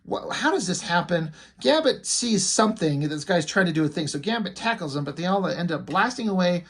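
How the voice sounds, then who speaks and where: Husky, fairly high-voiced man reviewing comics. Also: lively intonation, fairly quick, fairly bright tone. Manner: loose and rambling, with frequent "like" and "you know"; blunt, mocking asides. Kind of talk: casual video commentary.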